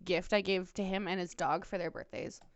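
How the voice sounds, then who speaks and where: A woman's voice: on the low side, steady tone, fairly quick, highs cut off, crowd noise. A woman co-hosting a podcast, telling stories in blunt, profane casual chat. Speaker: podcast co-host.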